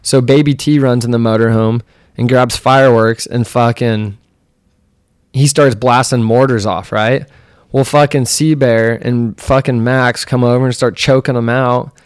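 A man's voice: mid-range voice, fairly even intonation, a little slow, smooth, no echo, studio quality. Profane rambling young man telling stories. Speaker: podcast host. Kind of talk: casual storytelling chat.

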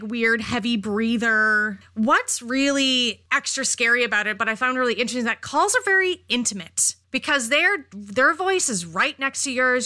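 A woman's voice: on the high side, sharp tone. A woman co-hosting a podcast in casual conversation, speaking emphatically, with rhetorical questions and some casual swearing. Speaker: podcast co-host. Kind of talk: casual chat.

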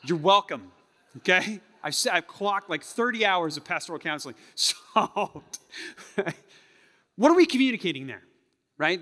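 A male pastor preaching a sermon, acting out tones of voice and sometimes dropping to a hush. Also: sits high, big-room sound. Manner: animated, acts out tones of voice, drops to a hush. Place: church sanctuary.

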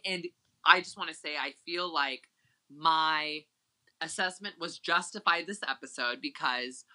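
Very bright, excitable podcast voice. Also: mid-range voice, poor audio. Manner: emphatic, excitable recaps. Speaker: podcast co-host. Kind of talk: casual chat.

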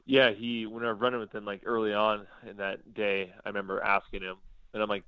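A man's voice: lowish voice, brisk, clean tone, no echo. A man, a podcast guest, telling a story casually and acting out the dialogue he quotes. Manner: lively, acts out quoted dialogue. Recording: dull lo-fi sound.

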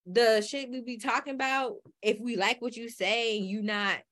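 A woman co-hosting a casual podcast, talking in a loose, slangy way and laughing often. Her voice sits a little high. The sound is dry and close, with no room around it. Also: fairly even intonation, normal speed, fairly bright tone, dry recording. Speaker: podcast co-host. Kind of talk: casual chat.

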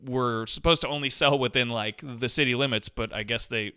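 A man from Montana, co-hosting a podcast in casual chat, animated and laughing often, swearing casually. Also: medium pitch, brisk, clean tone, no room sound, studio quality. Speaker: podcast co-host.

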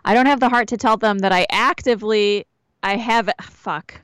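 A woman's voice: medium pitch, normal speed, fairly bright tone, smooth, no room sound. A woman co-hosting a casual podcast, chatting and reading a listener's letter aloud with small asides. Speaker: podcast co-host.

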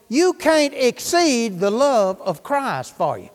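A man's voice: high voice, sing-song, unhurried, few pauses, darkish tone, long reverb tail. A man preaching a sermon, fervent and folksy, firing questions at his congregation.

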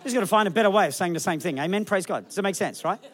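Fast-talking pastor preaching. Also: male voice, sits high. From Australia. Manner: animated, acts out people in the crowd with funny voices. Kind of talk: sermon.

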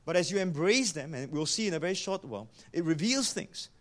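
Man, pastor, sermon, animated pitch, emphatic. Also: fairly quick. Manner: animated, emphatic, repeats key lines.

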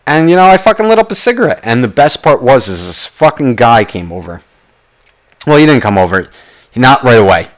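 A young man ranting casually, profane and rambling, telling a story with animated quoted voices. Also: mid-range voice, a little fast. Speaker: podcast host.

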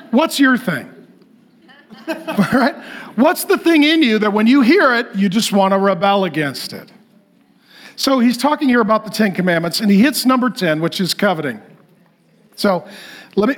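A man preaches with a very high voice and tells stories with lots of animation. He laughs often while he talks. He delivers the sermon with a humorous touch. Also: big pitch swings, moderate pace, pauses often. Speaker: pastor.

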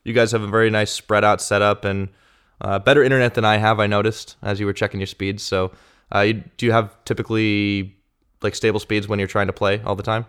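A man's voice: on the low side, flat delivery, a little fast, a bit bright, clean tone. A man hosting a podcast, interviewing guests in an upbeat, casual way. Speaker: podcast host.

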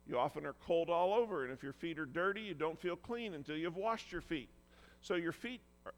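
A man's voice: on the high side, big-room sound. A man preaching a sermon as pastor, earnest and emphatic, acting out quoted lines with feeling.

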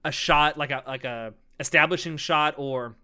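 Bright, smooth-voiced man chatting casually. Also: fairly high pitch, moderate pace. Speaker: podcast co-host. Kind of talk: casual chat recapping a film.

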